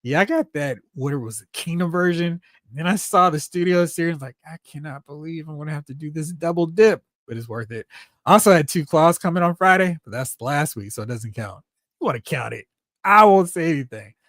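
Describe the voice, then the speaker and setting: A man hosting a toy collecting live stream, chatting casually and excitedly while reading viewer comments aloud. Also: on the high side, a little fast, no echo, clean studio sound. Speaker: host of a toy collecting show.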